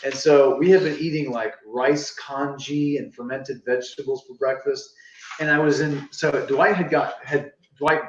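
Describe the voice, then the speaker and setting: Male host, animated, reads comments, muffled roomy room tone. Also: medium pitch, normal speed, a little hiss or hum. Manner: animated, reads viewer comments aloud, rambling anecdotes. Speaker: livestream co-host. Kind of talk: casual livestream chat. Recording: roomy, distant, dull sound.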